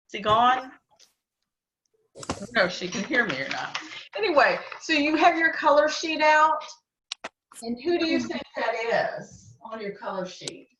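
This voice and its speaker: A woman teaching a children's Bible lesson on a video call, gently coaxing the kids and repeating her questions. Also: sits high, big pitch swings, normal speed, long pauses, slight background noise. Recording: dull lo-fi video call audio.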